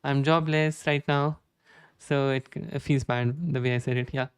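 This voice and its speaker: A man in his twenties chats casually with viewers during a live coding stream, in a mid-range, clear and resonant voice with fairly even intonation and a moderate pace. He's self-deprecating and keeps restarting sentences, and the studio-quality recording has no room sound.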